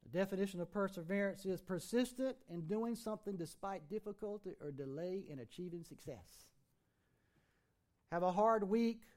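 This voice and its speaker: A man's voice: high-pitched, moderate pace, darkish tone. A man preaching a sermon as pastor in a church, reciting scripture and urging his congregation with rising emphasis.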